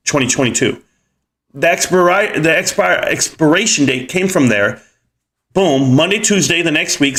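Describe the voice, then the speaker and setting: A man in his thirties hosting a casual live stream, rambling through viewer comments with many fillers and getting higher when excited.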